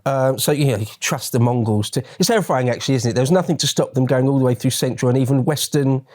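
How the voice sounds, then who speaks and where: A man's voice: medium pitch, quick pace, darkish tone. A male host in a casual interview, chatting and asking long, rambling questions with frequent restarts.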